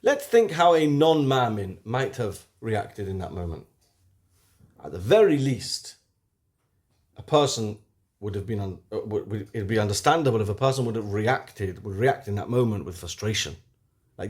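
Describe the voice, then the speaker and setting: A man teaching a weekly Torah lesson, lively, asking rhetorical questions and swinging from loud to hushed. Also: lowish voice, moderate pace.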